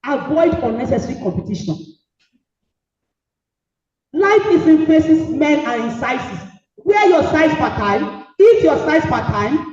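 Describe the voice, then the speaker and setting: A middle-aged woman with a Nigerian accent giving an emphatic, preachy motivational speech, repeating maxims and sometimes shouting. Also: sits high, big pitch swings, measured pace, pauses often. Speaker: guest speaker. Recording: echoey hall, distant dull mic.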